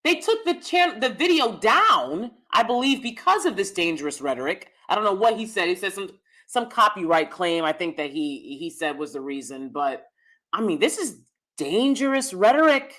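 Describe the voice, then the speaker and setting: Bright, emphatic woman hosting a live stream. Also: medium pitch, big pitch swings, normal speed. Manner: emphatic, repeats key phrases; chatty, talks straight to viewers. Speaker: host.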